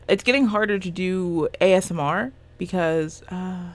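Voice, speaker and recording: A woman's voice: on the low side, measured pace. A woman in her twenties doing casual let's-play commentary from a small room, rambling and self-deprecating, swearing often. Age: 20s. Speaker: gaming YouTuber. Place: small room with a fan running.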